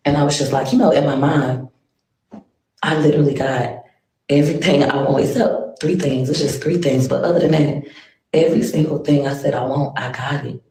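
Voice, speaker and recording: A woman's voice: deep voice, fairly even intonation, normal speed, dark tone. A woman rambling on a livestream, venting her frustration with sighs. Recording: echoey room.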